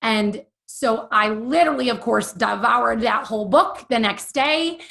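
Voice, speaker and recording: A woman's voice: fairly high pitch, measured pace, creaky, a bit bright. A woman in her forties, an interview guest telling a candid personal story in an earnest, emotional, chatty way with many fillers. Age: 40s.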